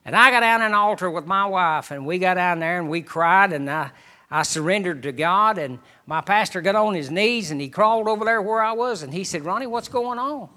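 A middle-aged man, a missionary preacher, giving a folksy personal testimony to a congregation with halting restarts. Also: high voice, sharp tone.

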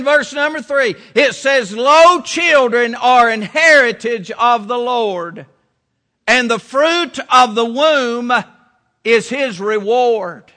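Man, middle-aged pastor, folksy sermon delivery, very high voice, bright and forceful tone. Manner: folksy, down-home preaching with repeated phrases.

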